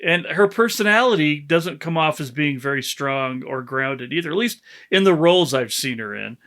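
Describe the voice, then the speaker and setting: A man with a somewhat high-pitched voice co-hosting a casual film review podcast. He speaks bluntly and wryly, sharing strong opinions. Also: lively intonation, normal speed, a bit bright. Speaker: podcast co-host.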